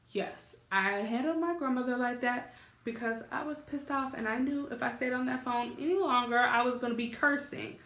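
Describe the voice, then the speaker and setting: A woman's voice: sits high, moderate pace, bright, forceful tone, reverberant. A woman vlogger telling a story at home, acting out both sides of phone calls. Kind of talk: casual storytelling. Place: at home on her couch.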